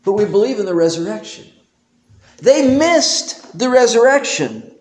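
Animated high-voiced preacher in echo. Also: male voice, measured pace. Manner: animated, emphatic, with homely humor. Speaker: pastor. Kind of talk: sermon. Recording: roomy echo.

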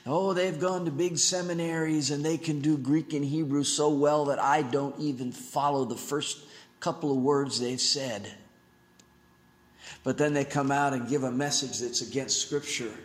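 A male pastor preaching a sermon in an animated way, his pitch swinging up and down as he acts out quotes. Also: normal speed. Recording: echoey room.

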